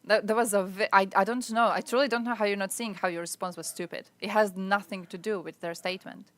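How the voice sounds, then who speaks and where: A woman's voice: mid-range voice, steady tone, quick pace, no echo. A woman streaming live, ranting bluntly and swearing as she reacts to chat comments.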